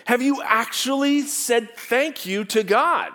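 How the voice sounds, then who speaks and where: This pastor has a very high voice and keeps a measured pace through his sermon. Animated and teacherly, he asks the congregation rhetorical questions, moving between loud emphasis and quiet stresses.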